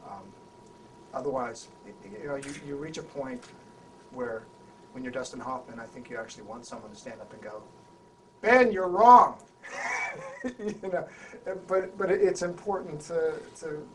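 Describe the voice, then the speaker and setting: A man, an actor being interviewed, tells an anecdote in an animated way, restarting and repeating words as he goes. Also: medium pitch. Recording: voice a bit far from the mic, faint background hum.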